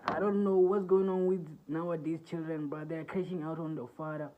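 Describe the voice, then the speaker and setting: A man's voice: fairly high pitch, flat delivery, fairly quick, narrow, tinny audio. A young man talks through a reaction video in a loose, laid-back way. He leans on slang and filler phrases as he reacts. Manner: laid-back slangy talk, frequent "bro" and "you feel what I'm saying". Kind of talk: casual reaction commentary.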